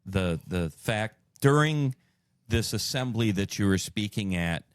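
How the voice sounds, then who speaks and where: A man's voice: fairly low pitch, animated, unhurried, clear, resonant tone, no room sound, studio quality. A man hosting a podcast interview, talking earnestly and restarting his phrases. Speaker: podcast host. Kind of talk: casual interview chat.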